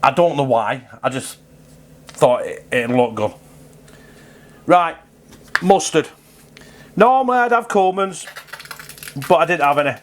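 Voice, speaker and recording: Lively, sweary man cooking. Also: fairly high pitch, measured pace, pauses often, a little hiss or hum. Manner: chatty, rambling, swears freely. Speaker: home cook vlogger. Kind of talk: casual cooking vlog.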